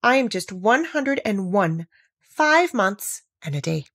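A woman reading a storybook aloud, voicing a fussy, scatterbrained elderly queen who frets and rises to squeaks. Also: big pitch swings, slow pace, fairly bright tone, no room sound, clean studio sound, full character voice. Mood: brisk, decided. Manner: fretful, fluttery, rising to squeaks.

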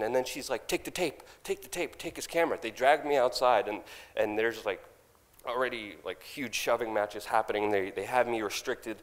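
A young man on stage, animatedly telling a story and loudly acting out his own past lines, with laughs in between. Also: medium pitch. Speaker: speaker at a conference. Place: large conference hall. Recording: long hall reverb.

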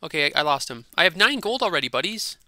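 A man hosting a gaming channel, chatting casually and excitably over gameplay and repeating himself in a silly way. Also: on the high side, quick pace, no room sound.

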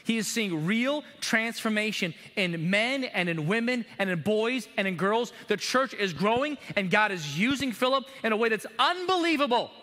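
A middle-aged man preaches from the pulpit in an animated way, often slipping into acted-out prayers to God. His voice sits high and bright. The sound carries a long church reverb. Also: moderate pace, hardly any pauses. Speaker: pastor. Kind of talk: sermon. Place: church sanctuary.

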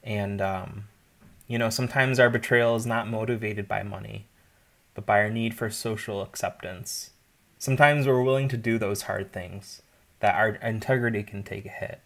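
Man, lowish voice, informal Bible teaching, conversational asides. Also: fairly even intonation, moderate pace, gravelly, fairly bright tone.

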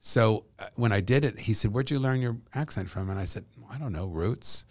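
A middle-aged man chatting as a podcast guest, telling lively stories and laughing as he talks. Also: on the low side, brisk, no echo. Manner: animated storyteller, laughs while talking. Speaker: guest, actor and comedian. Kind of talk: casual podcast chat.

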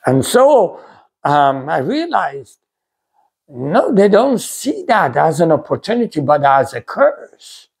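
Earnest middle-aged man, lively pitch. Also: gravelly, breathy edge. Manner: earnest, halting, many fillers and restarts. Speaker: pastor, ministry video host. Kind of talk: personal testimony talk.

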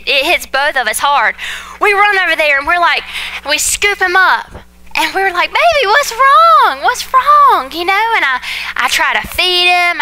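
Young woman, pastor's wife preaching, high and bright, chatty and animated, talks to the room like friends. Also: poor audio. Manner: chatty, animated, addresses congregation as y'all. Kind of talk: sermon with personal stories.

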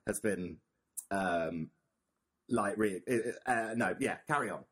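Husky man chatting about history. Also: lowish voice, slow pace, a bit bright. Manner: thoughtful, many fillers and restarts. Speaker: podcast co-host. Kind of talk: casual history chat.

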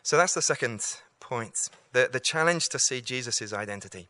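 A man's voice: medium pitch, expressive, moderate pace, sharp tone, no echo, studio quality. A man giving an evangelistic talk to students, earnest and repeating key lines for emphasis. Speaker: campus preacher.

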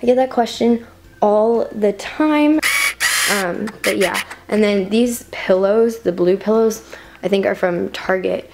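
A woman's voice: medium pitch, slow pace, darkish tone. A teenage woman in her bedroom, giving a casual room tour, chatty and rambling with lots of ums. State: slightly out of breath. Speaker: vlogger. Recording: noticeable background noise.

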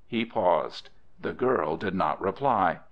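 A man reads a western novel aloud in a low voice. His intonation rises and falls freely as he tells the story. The recording sounds dull and lo-fi. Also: slow. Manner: expressive storytelling. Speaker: audiobook narrator. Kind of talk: audiobook narration.

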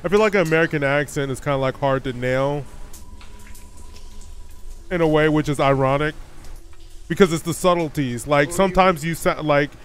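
A man's voice: fairly high pitch, normal speed, pauses often, a little hiss or hum. A man hosting a reaction video, chatting casually and bluntly, often swearing and talking back to the screen.

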